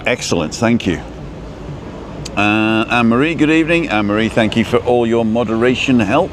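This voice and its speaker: A man's voice: medium pitch, normal speed. A man hosting a casual live stream outdoors, rambling as he reads out viewer comments and adjusts his stream settings. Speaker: livestream host. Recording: noisy outdoor street background.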